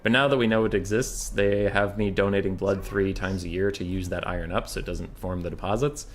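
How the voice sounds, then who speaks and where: A man's voice: sits low, steady tone, fairly quick, a little hiss or hum. Chatty young man casting a strategy game. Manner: chatty, rambling, swears casually. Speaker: game caster. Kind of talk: casual esports commentary.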